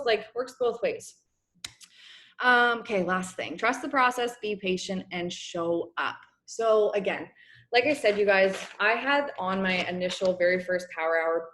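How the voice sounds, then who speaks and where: Woman, young adult, casual team call, encouraging, hoarse from talking, video-call mic. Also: mid-range voice, a bit bright. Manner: chatty, encouraging, many fillers. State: losing her voice, clearing throat. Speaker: network marketing coach.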